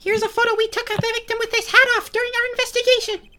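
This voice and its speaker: A smug courtroom prosecutor from a video game, done by a player in a put-on voice, squeaking very high with a bright, sharp tone. The delivery is pompous and lecturing. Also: level tone, fast.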